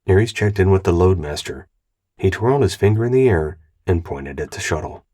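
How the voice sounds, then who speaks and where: A man reading an audiobook aloud in an even, measured narration. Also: low voice. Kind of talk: scripted narration.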